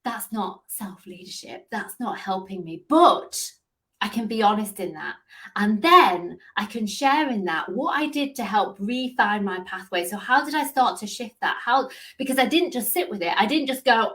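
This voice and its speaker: A woman's voice: medium pitch, animated, moderate pace, a bit bright. A woman business coach giving an earnest live motivational talk, stressing points with rhetorical questions.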